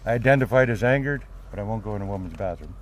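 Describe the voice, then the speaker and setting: A man who works as a gold miner, telling a story in a blunt, profane, animated way, recorded outdoors at a mine site. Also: lowish voice, racing. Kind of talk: casual storytelling.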